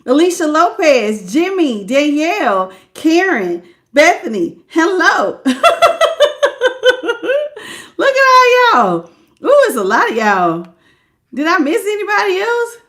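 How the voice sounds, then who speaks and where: High-voiced chatty woman tarot reader. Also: very animated, measured pace. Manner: chatty, greets viewers by name, laughs often; casual, folksy talk. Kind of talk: live-stream tarot reading.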